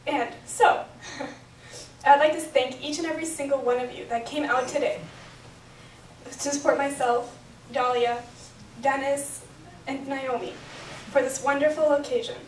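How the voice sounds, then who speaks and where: A woman's voice: high voice, steady tone, measured pace, long pauses, a little hiss or hum. A young woman reading an earnest, emotional prepared speech at a celebration, recorded from far off in an echoey hotel function room. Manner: earnest, reads from notes, emotional. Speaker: bat mitzvah speaker.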